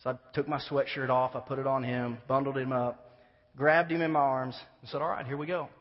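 A man preaching a sermon, telling a story and acting out the voices of the people in it. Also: fairly quick. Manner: animated, acts out dialogue with rising pitch. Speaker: pastor. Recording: dull sound with long reverb.

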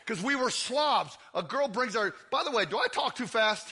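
A man preaching a lively, joking sermon in a church, often shouting out to the crowd. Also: extremely high pitch, moderate pace, husky. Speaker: guest preacher. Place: church sanctuary.

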